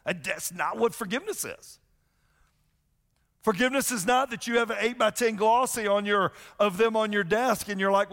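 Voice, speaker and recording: A man preaching a sermon as a pastor, conversational and animated, often acting out the voices of the people he quotes. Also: high voice, normal speed, gravelly. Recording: long hall reverb.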